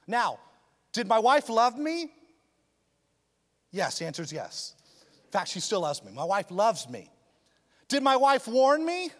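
A man preaching a sermon as a pastor, telling a personal story in an animated, humorous way. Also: sits high. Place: church auditorium. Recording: long reverb of a church hall.

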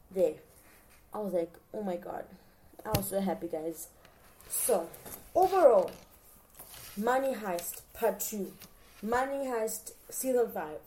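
A woman's voice: medium pitch, unhurried, pauses often, mellow. A young woman in casual reaction chat, talking straight to her viewers and acting out her own reactions with gushing emotion. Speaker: vlogger reacting to a TV series.

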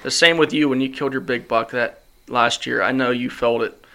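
A man's voice: mid-range voice, fairly even intonation, brisk, creaky, sharp tone. A man hosting a podcast, telling a hunting story in casual chat, acting out quotes and laughing often. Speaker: podcast host. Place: studio.

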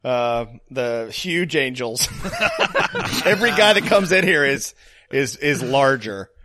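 A man's voice: medium pitch, wildly swooping pitch, slow pace, background noise. A man co-hosting a podcast in a casual movie-recap chat, joking, laughing often and acting out lines from the film. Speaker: podcast co-host.

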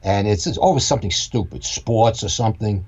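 A man hosting a podcast, telling a story in a casual, halting way with many repeated words. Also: on the low side, animated, darkish tone, husky, muffled recording. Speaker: podcast host.

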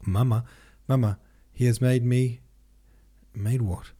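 A man reading an audiobook, voicing an excited, earnest young woman who pleads eagerly. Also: medium pitch, fairly quick, slightly rough, pitched above the performer's own voice. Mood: pleading.

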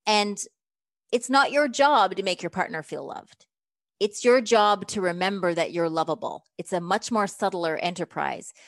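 A woman's voice: mid-range voice, no room sound. Woman coach talking relationships, super emphatic, acts out little quotes, dry close mic. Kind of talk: interview guest, explaining her method.

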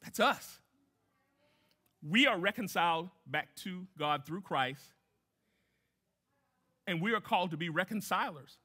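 A man's voice: high voice, expressive, measured pace, long pauses, sharp tone, husky. A man preaching a sermon as a guest pastor, emphatic, repeating key phrases and putting questions to the congregation.

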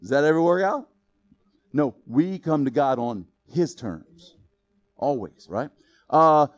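A man preaching a sermon in a lively, joking way, quizzing the congregation with questions. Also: a little high, unhurried, pauses often. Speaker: pastor.

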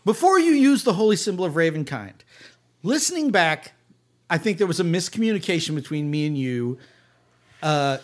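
High-voiced man running a tabletop game. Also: big pitch swings, moderate pace. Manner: descriptive, playful storytelling. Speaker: game master.

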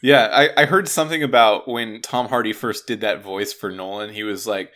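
A man's voice: lowish voice, steady tone, normal speed, a bit bright. A man co-hosting a casual gaming podcast, rambling and restarting his words often. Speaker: podcast co-host.

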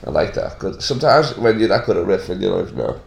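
A man's voice: low-pitched, sing-song, quick pace, vocal fry. An Australian man hosting a comedy podcast, rambling and joking crudely in casual banter. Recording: echoey room.

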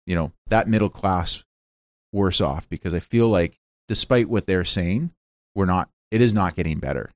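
A man's voice: low-pitched, no room sound. A man hosting a talk show, chatting with a guest, agreeing often and speaking with many fillers and restarts. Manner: affirming listener, frequent fillers and restarts. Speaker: show host. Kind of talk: casual interview chat.

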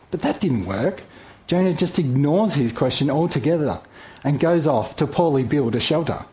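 A man's voice: medium pitch, a little mellow. A man teaching through a Bible story, reading verses and adding playful, joking asides.

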